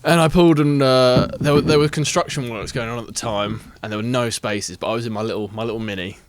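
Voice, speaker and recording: A man's voice: mid-range voice, quick pace, dry recording. A man, a podcast guest telling a long anecdote in casual chat, swearing freely and acting out the voices of the people in it. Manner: animated, acts out voices in anecdotes, laughs often.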